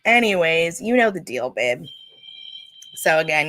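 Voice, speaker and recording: A woman's voice: sits low, big pitch swings, measured pace, fairly bright tone, dry recording. A woman giving a casual spiritual reading to a viewer on a livestream, chatty and laughing often, with lots of fillers and restarts. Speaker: psychic reader on a livestream. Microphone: livestream setup.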